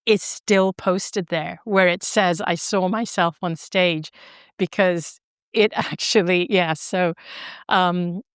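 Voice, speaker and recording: A middle-aged woman guest on a podcast, telling her story in an animated, expressive way and laughing easily. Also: fairly low pitch, slow, smooth, no echo, studio quality. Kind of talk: storytelling in an interview.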